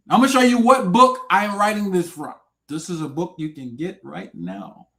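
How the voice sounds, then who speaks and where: Hosting a livestream from a desk mic, a high-voiced man launches into a loud, profane, taunting rant at normal speed with an expressive delivery. He alternates between shouts and quiet mutters, daring viewers to come debate him.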